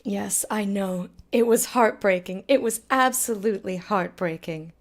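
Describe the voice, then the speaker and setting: A woman's voice: medium pitch, measured pace. A woman streamer presenting a mock awards show in a hammy, theatrical way, teasing her co-host.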